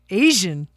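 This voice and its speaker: A woman's voice: medium pitch, a bit bright, no echo, studio quality. A woman doing casual livestream astrology and tarot readings, chatty, laughing often and talking to her viewers by name.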